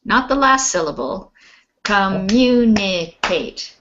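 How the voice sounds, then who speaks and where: A woman teaching English pronunciation online, patiently repeating words slowly and clearly for her students. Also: mid-range voice, expressive, highs cut off, noisy background.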